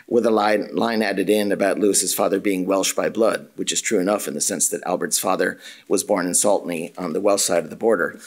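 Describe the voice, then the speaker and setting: Male lecturer, lowish voice, formal measured reading of a scholarly paper, occasional filler. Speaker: academic lecturer. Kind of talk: reading a prepared conference paper. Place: university symposium room.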